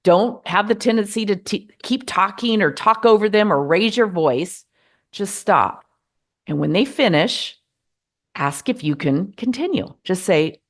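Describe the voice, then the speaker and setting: A middle-aged woman from the United States hosting a podcast, giving earnest, measured advice in a gently encouraging monologue. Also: mid-range voice, expressive. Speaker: podcast host.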